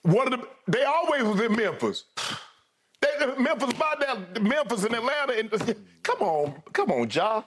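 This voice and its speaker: A man's voice: very high voice, big pitch swings, normal speed, fairly bright tone, breathy edge. A man co-hosting a sports debate show, emphatic and repetitive, often calling his partner by name. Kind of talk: animated sports debate talk.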